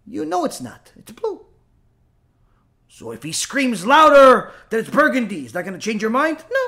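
A man giving a spoken religious lesson as a teacher, animated and full of rhetorical questions and mock back-and-forth dialogue. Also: very high voice.

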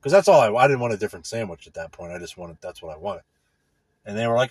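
A man ranting comedically, rambling and swearing, full of fillers, swinging between loud bursts and mutters. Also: on the low side, expressive, fast talker, husky, dry recording. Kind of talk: profane comedic rant.

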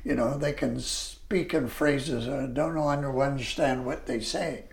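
An older retired lecturer telling stories of his past, animated when he quotes people. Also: medium pitch, unhurried, gravelly. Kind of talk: reminiscing storytelling.

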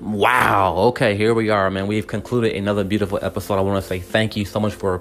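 A man's voice: fairly low pitch, level tone, fast talker, hardly any pauses, soft background music. A man hosting a motivational podcast, talking earnestly and reflectively with many restarts and fillers. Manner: faith-based encouragement. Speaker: podcast host.

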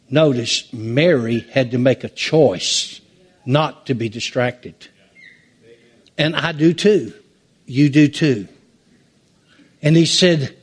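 A man preaching, his voice sitting high for a man. He swings widely up and down in pitch and stretches out his emphatic lines, speaking slowly and deliberately from the pulpit. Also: expressive, breathy edge. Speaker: pastor. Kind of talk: sermon.

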